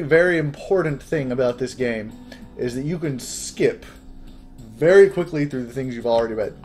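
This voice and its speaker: A man's voice: medium pitch, a little mellow. A man hosting a casual let's-play, chatting and lightly joking while reading game text aloud. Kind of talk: casual gameplay commentary.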